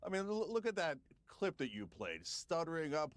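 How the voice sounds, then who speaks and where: A man pushes his point in a heated television debate, with a slightly raised pitch. He scoffs at his opponents and keeps talking over them. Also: very animated, normal speed, no room sound. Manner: combative, scoffing, talks over others. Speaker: political commentator guest.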